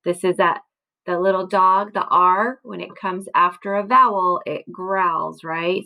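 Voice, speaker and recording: A woman's voice: lowish voice, steady tone, measured pace, vocal fry, bright, forceful tone, low-quality recording. A woman teacher walking young students through a recorded slideshow lesson, patient and encouraging, often checking in with "okay?" and "right?". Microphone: computer mic, screen recording.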